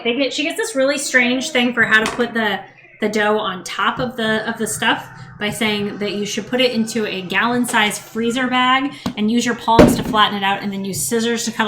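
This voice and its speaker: A woman's voice: medium pitch, sharp tone. Chatty woman baking at home, noisy recording. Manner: chatty, self-mocking, muttering to herself while working. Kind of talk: casual cooking vlog. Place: home kitchen.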